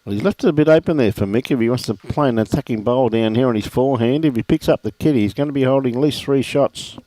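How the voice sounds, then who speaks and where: Easygoing Australian bloke calling a bowls game, friendly shout-outs, dry close mic. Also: male voice, medium pitch, quick pace, no room sound. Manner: laid-back, chatty, greets viewers by name. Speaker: lawn bowls commentator. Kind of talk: live sports commentary with viewer shout-outs.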